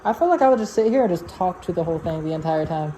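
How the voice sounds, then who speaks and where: A woman's voice: fairly low pitch, expressive, quick pace, warm tone. A woman giving casual unboxing commentary at home, chatty and slangy, talking to a robot vacuum as if it were a person. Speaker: product reviewer. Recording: noisy home recording.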